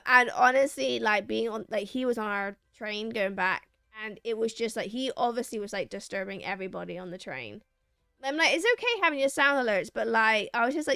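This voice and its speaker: A woman's voice: fairly high pitch, clean tone, no echo, clean studio sound. A young woman streamer telling a rambling story to her chat, acting out what people said. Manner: animated, acts out quoted lines, rambling restarts.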